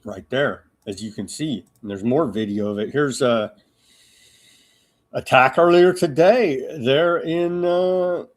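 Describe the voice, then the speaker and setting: A man's voice: medium pitch, takes it slowly. A man hosting a live political news commentary show, talking in a sarcastic, mocking way with lots of fillers and restarts.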